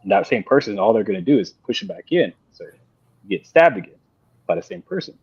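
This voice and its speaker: A man talking on a panel in a casual discussion, halting and repeating himself with many fillers. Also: on the low side, sing-song, a little mellow, slightly rough, no room sound. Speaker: panel guest. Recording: dull dry lo-fi sound.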